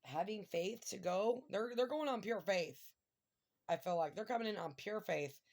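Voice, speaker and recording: Emotional gravelly-voiced woman reading tarot. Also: mid-range voice, moderate pace, darkish tone. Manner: emotional, exclamatory, near tears at times. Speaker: tarot reader. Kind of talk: casual tarot reading monologue.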